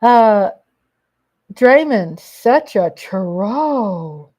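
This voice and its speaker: A woman hosting a casual livestream, reading viewers' comments aloud and chatting in a slow, affectionate way, often calling them baby and darling. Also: mid-range voice, animated, dark tone, muffled recording. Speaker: livestream host reading chat.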